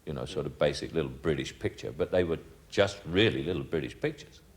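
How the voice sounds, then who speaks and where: Male interviewee, extremely deep voice, thoughtful, halting. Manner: musing, stops and restarts. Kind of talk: reflective interview answer.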